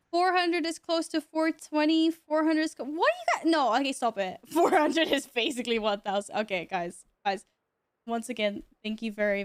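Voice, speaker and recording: An excitable woman streamer with a fairly high voice chats casually with her viewers. She laughs often and swears when amazed. Her voice sounds dry and close, with no room echo. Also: clear, resonant tone. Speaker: livestreamer.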